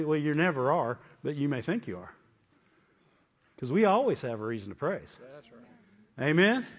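A man preaching a sermon with repeated phrases, often asking "Amen?". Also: high voice. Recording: dull, echoey hall.

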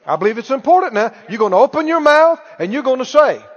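A male preacher with a very high, sing-song voice speaks at a quick pace, exhorting and quizzing his congregation during a sermon. The recording is dull and lo-fi, with the echo of a hall.

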